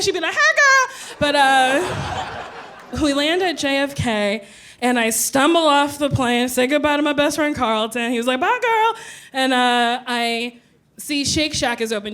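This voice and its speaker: A woman comedian telling a stand-up story with animated, loud acted-out quotes. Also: high voice, moderate pace.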